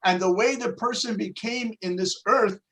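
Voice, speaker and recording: A man teaching a Torah class, telling a religious story in an animated way and shifting his voice for the quotes. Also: high voice, moderate pace, poor audio. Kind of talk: religious lesson with dramatic storytelling.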